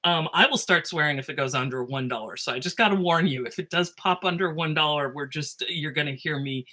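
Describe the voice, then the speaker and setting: A woman teacher talking casually to her students in a video made on her phone, excitable and animated, often breaking off and laughing. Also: low voice, a little fast.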